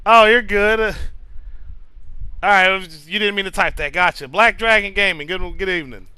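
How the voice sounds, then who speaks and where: A man's voice: high-pitched, a little fast, pushed and bright, clear, resonant tone, no room sound, poor audio. A man chatting casually with his live-stream viewers, reading out chat names, swearing freely and stammering through restarts. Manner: loose, profane, stammering restarts, reads chat names aloud.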